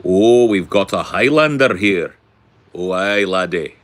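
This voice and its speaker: A man doing a hearty Scottish Highlander. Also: animated, measured pace. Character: boisterous male Scottish Highlander warrior.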